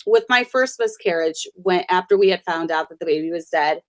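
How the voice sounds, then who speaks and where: A woman's voice: fairly low pitch, fairly quick. A woman hosting a conversation, chatty and storytelling, often laughing between anecdotes. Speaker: host.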